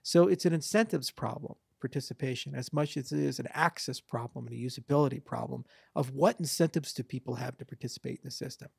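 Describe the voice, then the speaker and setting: A man with a gravelly, husky voice answers interview questions at a mid pitch. He talks confidently and at length, with a dry, close sound and no room around him. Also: darkish tone, no room sound. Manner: fast, confident, discursive, mimics voters for effect. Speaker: interview guest, blockchain founder. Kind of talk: casual interview talk.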